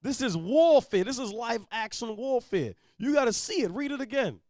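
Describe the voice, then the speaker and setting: A man leading a Bible reading and preaching bluntly, dropping to low mutters, then shouting his points. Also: lively intonation, normal speed, no echo, studio quality. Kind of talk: street-style Bible teaching.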